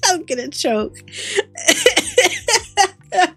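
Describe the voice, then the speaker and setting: A woman's voice: fairly high pitch, expressive, slow, a bit bright, soft background music. A woman streamer chatting casually with her viewers while drawing, giggly and teasing. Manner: giggly, playful, teasing banter.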